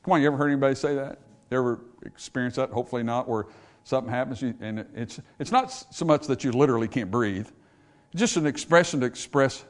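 Man, pastor, sermon, emphatic rises, quiet asides, mid-pitched voice. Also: fast. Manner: preaching with rising emphatic bursts and quiet asides.

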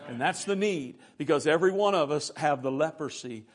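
An impassioned man preaches, his voice pitched high for a man. He reads scripture aloud and then speaks straight to the congregation. He swings from a near hush to a full, loud delivery. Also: expressive, fairly quick. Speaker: pastor. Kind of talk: sermon.

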